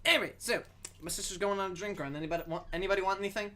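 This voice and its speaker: A woman's voice: medium pitch, very fast, sharp tone. A young woman hosting a casual livestream, chatting playfully while she draws. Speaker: livestream host. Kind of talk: casual chat while drawing.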